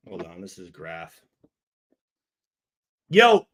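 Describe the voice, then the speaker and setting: A man's voice: a little high, unhurried. A man reading and reacting to viewer comments, cursing freely, stuttering and restarting his sentences. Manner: profane, animated, repeats himself.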